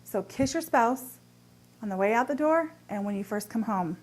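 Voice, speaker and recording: A middle-aged woman speaks in a fairly high, upbeat voice, giving marriage advice as a coach. She talks to camera in a bright, expressive teaching tone. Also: moderate pace. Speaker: marriage and body language coach. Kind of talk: direct-to-camera advice talk.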